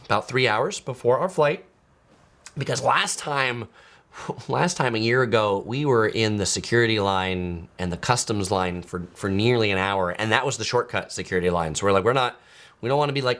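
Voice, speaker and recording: A man's voice: medium pitch, a bit bright. A man chatting casually as a travel vlogger, full of fillers and restarts, reading out viewer comments as he goes. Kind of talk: casual live-stream chat.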